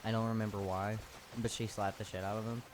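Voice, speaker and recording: A man's voice: fairly low pitch, flat delivery, fast. Crude, slangy ranting man, noisy room. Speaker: youtuber recapping an anime. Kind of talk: comedic ranting recap.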